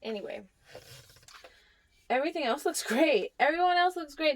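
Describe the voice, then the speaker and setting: A woman's voice: high voice, expressive, normal speed. A young woman giving a casual tour of her houseplants, chatting fondly to them and sometimes dropping to a near whisper. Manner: drops to a near whisper at times. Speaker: plant vlogger. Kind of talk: casual plant tour vlog.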